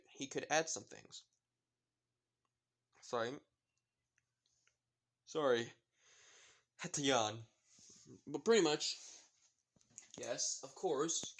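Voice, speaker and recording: A man casually narrating a homemade story, rambling along with lots of fillers and quick apologies. His voice sits at an ordinary male pitch. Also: a bit bright.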